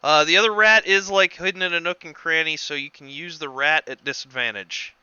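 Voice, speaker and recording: Guy game-mastering online, slow and halting, super dry close sound, a bit lo-fi. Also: a little high, bright, forceful tone, clear, resonant tone, no room sound. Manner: halting, laughs easily. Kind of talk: narrating a tabletop game.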